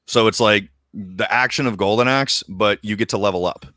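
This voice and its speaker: A man co-hosting a podcast in casual chat, excitable and slangy, swearing casually. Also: normal speed, no echo, clean studio sound. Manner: excitable, slangy, swears casually, jumps into high voices for quoted lines. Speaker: podcast co-host.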